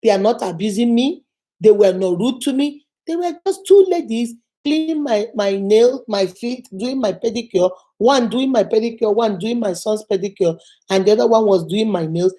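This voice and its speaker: A middle-aged Nigerian woman vlogger, a native Igbo speaker with a Nigerian accent, gives an earnest motivational talk to camera and tells stories. She repeats phrases for emphasis, her fairly high, warm voice expressive at a normal speed.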